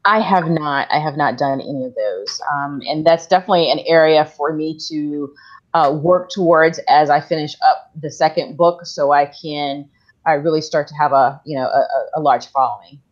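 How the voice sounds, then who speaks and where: Woman guest author, low voice, hesitant and filler-heavy, dull lo-fi remote audio. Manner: halting, full of "you know" and "um" fillers. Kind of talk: casual interview talk. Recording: dull lo-fi sound.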